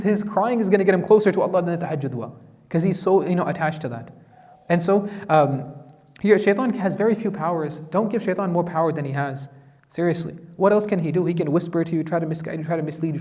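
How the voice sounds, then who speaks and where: A man teaching a Quran tafsir lesson as an imam, telling stories in an animated, conversational way. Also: high voice. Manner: animated storytelling, conversational asides. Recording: long hall reverb.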